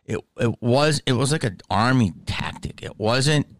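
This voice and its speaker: A man's voice: mid-range voice, animated, unhurried, no room sound, studio quality. A man hosting a podcast, ranting in a profane, emphatic way and often asking "okay?". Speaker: podcast host. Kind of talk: casual ranting monologue.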